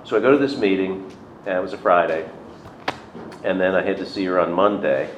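Middle-aged guy sharing his story, low voice, roomy dull recording with a little hiss. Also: fairly quick. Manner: conversational, self-deprecating, acts out quoted voices. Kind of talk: personal storytelling.

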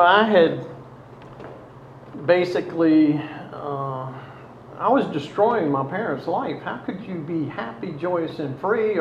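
A man's voice: on the high side, roomy sound, muffled recording, slight background noise. Reflective man. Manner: halting, reflective, many pauses. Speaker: storyteller recounting past addiction. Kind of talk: personal testimony.

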